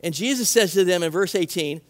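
A man's voice: high voice, animated, a little fast. A man preaching a sermon as pastor, earnest and conversational, repeating key words for emphasis.

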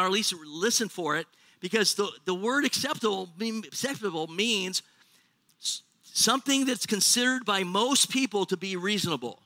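American male pastor, jokey and questioning with the crowd, high bright voice. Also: dry recording. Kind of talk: sermon. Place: church.

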